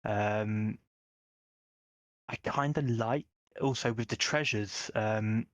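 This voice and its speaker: A man's voice: on the low side, slow pace, dry recording. A man speaking as a panelist in a casual podcast roundtable, hesitant and filling gaps with ums.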